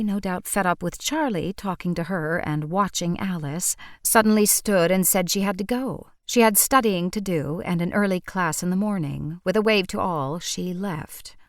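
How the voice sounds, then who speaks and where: A woman narrating an audiobook in a measured, wry way. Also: lowish voice, dry recording, studio quality. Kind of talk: scripted narration.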